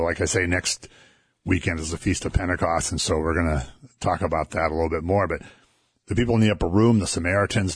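A man chatting casually about scripture on a talk show, relaxed and chuckling as he tells stories. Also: low-pitched, breathy edge, no room sound, studio quality. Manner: conversational, chuckling, relaxed storytelling. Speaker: co-host discussing scripture. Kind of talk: casual Bible discussion.

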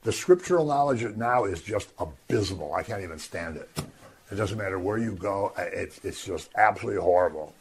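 A man teaching from the Bible in a lively, conversational way, acting out the crowd's voices. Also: low voice, a little fast, slight background noise. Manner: animated, acts out voices of the crowd. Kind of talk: scripture teaching.

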